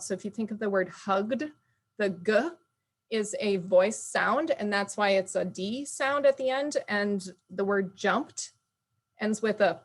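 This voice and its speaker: Woman teacher on a video call, middle voice, explains stuff and corrects herself. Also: medium pitch. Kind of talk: presenting in an online meeting.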